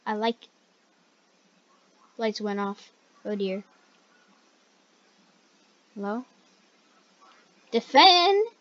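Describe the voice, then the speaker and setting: A woman hosting a gaming video, chatting casually through the play, chatty and excitable and yelping when startled. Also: mid-range voice, drawn-out words, long pauses. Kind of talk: casual gameplay commentary. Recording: dull lo-fi recording.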